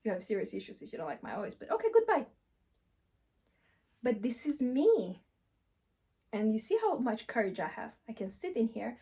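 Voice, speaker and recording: Emphatic woman coach, mellow voice. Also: on the high side, sing-song, a little fast. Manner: emphatic, repeats key phrases, rhetorical questions. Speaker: relationship coach. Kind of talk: direct advice monologue to camera. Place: seated on camera.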